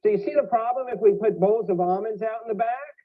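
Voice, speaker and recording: A man's voice: high-pitched, fast. A man giving a live health lecture with props, joking and asking the audience questions. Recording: tinny phone-like archive audio.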